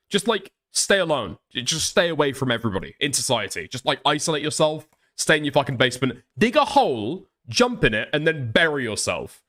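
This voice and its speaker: A man's voice: on the high side, fairly bright tone. A male livestream host giving crude, incredulous reaction commentary and swearing heavily.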